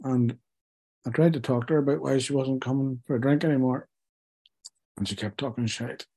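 A middle-aged man recounts his past with candid, self-mocking honesty, stumbling over fillers. His voice is husky and mellow. He sounds close to tears. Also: mid-range voice, normal speed. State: tearful. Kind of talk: personal storytelling to an interviewer.

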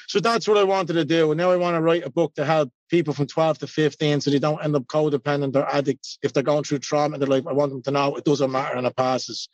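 A man's voice: a little high, steady tone, quick pace, few pauses, no room sound, muffled recording. An Irish man in his forties giving a blunt, self-mocking personal share at a recovery meeting, swearing freely. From Ireland. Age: 40s.

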